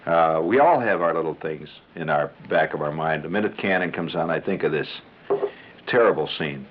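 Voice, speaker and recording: With a very deep, expressive voice and a moderate pace, a man spins a comic radio monologue, wandering conversationally and chuckling as he goes. The tinny 1970s broadcast carries a little hiss or hum.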